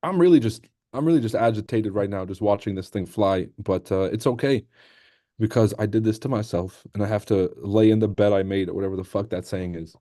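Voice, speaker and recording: A man's voice: on the low side, fairly quick, mellow. A young man hosting a casual trading livestream who jokes, swears a lot and reacts to chat comments as he goes. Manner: joking, profane, reacts to chat.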